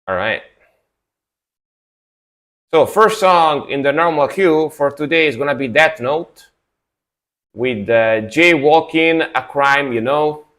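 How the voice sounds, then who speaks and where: Slow, with long pauses, a young man from Italy speaks in a slightly high, fairly bright voice to his live-stream viewers. Sleepy after napping, he rambles laid-back while reacting to music.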